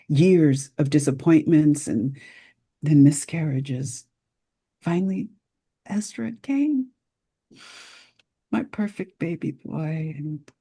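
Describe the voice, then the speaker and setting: A woman plays a bitter, grieving mother in a table read, her voice low and husky. She presses her daughter with accusations and raw grief. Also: dark tone, heavily acted. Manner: accusing, emotional. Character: grieving, reproachful mother wanting grandchildren. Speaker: Anna's mother Marlene.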